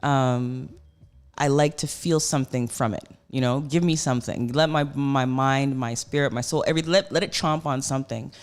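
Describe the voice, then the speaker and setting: A radio host in a studio, talking to guests in a loose, effusive way. The speech wanders and is full of fillers, at a middling pitch. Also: fairly even intonation, moderate pace. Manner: effusive, rambling, lots of fillers. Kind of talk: casual radio interview.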